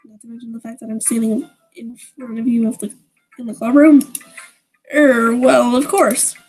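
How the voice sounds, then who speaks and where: A woman's voice: a little high, flat delivery, moderate pace, a little mellow, husky, faint music behind, rough recording. A woman voicing an awkward teenage boy protagonist who talks in a dry, sheepish way.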